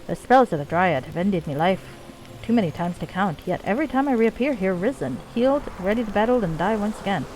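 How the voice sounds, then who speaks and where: Woman doing a dwarf clan leader, put-on Scottish accent, gruff, weary of war, lively swooping pitch. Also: brisk, slight background noise, close to an everyday voice, low-quality recording. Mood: somber. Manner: gruff, archaic folksy dwarf speech. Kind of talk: reading game dialogue aloud.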